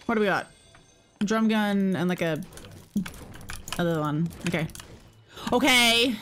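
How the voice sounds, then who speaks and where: Woman streamer, gameplay commentary, bright voice, unhurried, giggly. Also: medium pitch, soft background music. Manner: excitable, giggly, chatty to chat. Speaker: game streamer. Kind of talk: casual gameplay commentary to viewers.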